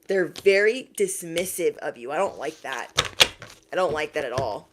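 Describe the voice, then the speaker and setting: A chatty woman with a slightly low voice gives a casual tarot reading straight to her listeners. She keeps slipping into quick, exaggerated voices for the people she describes. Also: very noisy. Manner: chatty, animated quoted voices, laughs at own jokes. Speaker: tarot reader.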